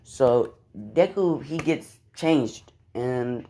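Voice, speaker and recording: A man's voice: medium pitch, animated, very slow, warm tone, a little hiss or hum. Rambling profane man telling a story. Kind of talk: casual fan-fiction storytelling.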